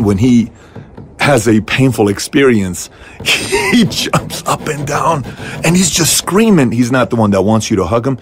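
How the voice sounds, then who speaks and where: A middle-aged man hosting a motivational talk to camera, telling a personal story with animated leaps in his voice. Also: a little hiss or hum. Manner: animated storytelling, voice jumping high on key moments. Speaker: host.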